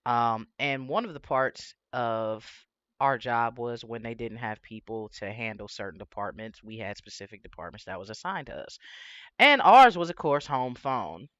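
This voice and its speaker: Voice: medium pitch, expressive, moderate pace, a bit bright, no echo, dull audio. A livestream host with a lisp, chatting casually and rambling with swearing and frequent laughs.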